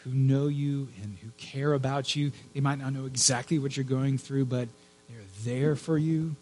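A man preaching a sermon in an earnest, emphatic way, dropping to a hush at times. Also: medium pitch, steady tone. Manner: earnest, emphatic with hushed pauses. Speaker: pastor.

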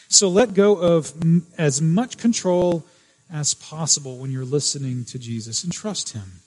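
Male pastor, slightly high pitch, earnest sermon delivery with repeats and restarts. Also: animated, normal speed, low-quality recording. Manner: earnest, repeats key phrases, frequent restarts.

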